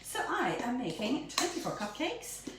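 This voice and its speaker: Bubbly high-voiced woman baking, echoey room. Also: huge pitch swings, moderate pace. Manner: bubbly and playful, stumbles over words. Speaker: home baker hosting her own baking channel. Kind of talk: chatty baking demonstration. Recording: very echoey room, mic at a distance, faint noise.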